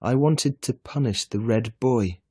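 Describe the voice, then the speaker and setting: A man's voice: medium pitch, measured pace, a little mellow, breathy edge, no room sound, voice pushed up. A man reading a storybook, voicing a small boy who has told a fib and gets upset. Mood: sulky. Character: small boy Jimmy, fibbing and easily upset.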